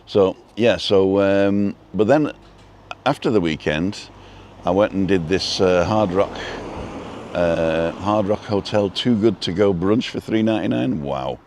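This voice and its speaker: A man's voice: low-pitched, unhurried, darkish tone, slight background noise. A man hosting a live stream, chatting casually and rambling while he walks outdoors, talking into a phone on a selfie stick and greeting viewers by name. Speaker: vlog host. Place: outdoors, walking down a street.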